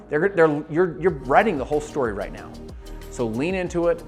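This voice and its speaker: A man giving an energetic motivational talk to the viewer as a network marketing coach, acting out quoted voices as he goes. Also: fairly high pitch, fairly quick, soft background music.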